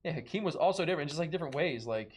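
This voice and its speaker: A man's voice: fairly high pitch, animated, racing, background noise. A young man hosting a live card break, chatty and laughing often as he calls out cards. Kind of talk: casual live-stream chat.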